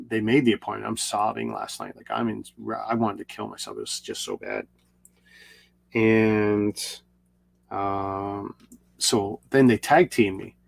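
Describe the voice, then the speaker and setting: A man's voice: on the low side, vocal fry. A middle-aged man casually telling a long, rambling personal story with restarts and repeats. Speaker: video creator.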